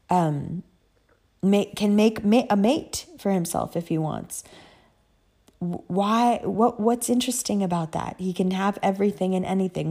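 A woman talking casually about a book series she loves, chatty and profane, telling the story with lively emotion. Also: mid-range voice, vocal fry. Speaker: book vlogger. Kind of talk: casual chat.

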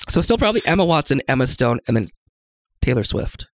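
A man's voice: mid-range voice, big pitch swings, brisk. A man from the Seattle area hosting a casual interview, joking and self-deprecating. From Seattle area, USA. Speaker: podcast host.

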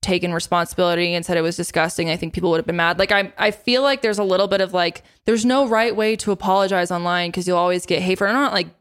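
A woman's voice: fairly low pitch, fairly even intonation, fast talker, few pauses. A young woman co-hosting a podcast, reflective and casual in chat, cursing now and then. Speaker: podcast co-host.

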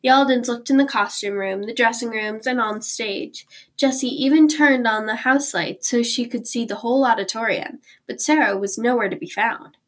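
A woman reading a children's chapter book aloud in a clear, gentle storytelling voice. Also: fairly high pitch, normal speed, rough recording. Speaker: reader.

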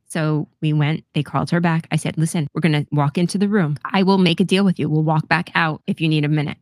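A woman's voice: low voice, no room sound, clean studio sound. A middle-aged woman telling a personal story on a podcast in a candid, casual way, swearing freely and laughing often. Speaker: podcast co-host.

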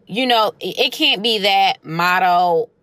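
A woman chatting casually to camera, retelling a story in an animated way and acting out the voices of the people in it. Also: medium pitch, slow pace, no echo.

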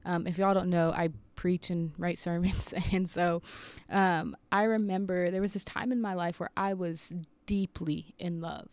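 A woman's voice: lowish voice, fairly even intonation, measured pace, darkish tone, smooth, no echo. A woman in her thirties, a preacher, sharing an earnest, confessional story in a personal devotional talk. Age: 30s.

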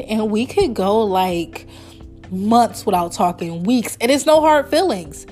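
A woman's voice: mid-range voice, expressive, measured pace, darkish tone, faint music behind. A woman in her early thirties hosting her own podcast, talking in a chatty, rambling, heartfelt way and laughing often. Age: 30s. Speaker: podcast host. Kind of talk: casual solo podcast chat.

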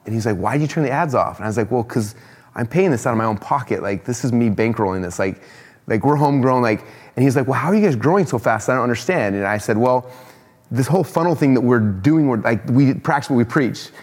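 A man telling a quick, excited story as a podcast guest, laughing often. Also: medium pitch, long reverb tail. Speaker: podcast guest, company founder. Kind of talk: casual storytelling in a podcast chat.

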